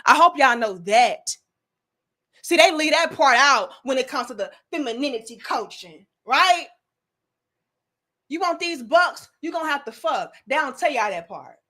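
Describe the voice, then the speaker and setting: Young woman going off on a rant, cussing a lot, high bright voice, preachy and blunt. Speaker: commentary host. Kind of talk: ranting video commentary.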